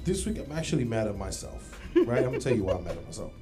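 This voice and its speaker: A man's voice: medium pitch, very animated, music in the background. A man co-hosting a podcast, telling a story in casual chat and checking in with "right?" after each step. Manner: storytelling, quick, says "right?" often. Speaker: podcast co-host.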